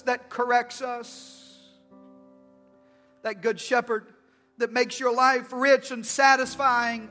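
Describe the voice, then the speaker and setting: A man preaching a sermon as pastor, swinging from loud calls to hushed, dramatic lines. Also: very high-pitched. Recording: long hall reverb with faint music.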